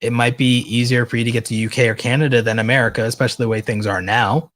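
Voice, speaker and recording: Male livestream host, mid-pitched, tiring voice, answers chat questions plainly. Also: little pitch movement, fast, fairly bright tone. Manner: reads viewer questions aloud and answers directly. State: losing his voice. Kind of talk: casual livestream Q&A.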